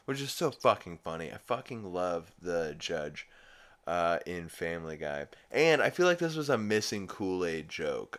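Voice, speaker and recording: A man with a deep voice gives a casual podcast recap. His pitch moves a lot, so the low voice stays animated. He rambles and swears freely, sounding amused as he goes. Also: normal speed. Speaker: podcast host.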